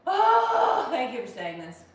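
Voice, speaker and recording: With a fairly low but fairly bright voice, an American woman in her thirties reads out viewer comments on a casual livestream, thanking folks by name and joking wryly. Her delivery is expressive and fairly quick. The mic sits at a distance, giving a roomy, off-mic echo.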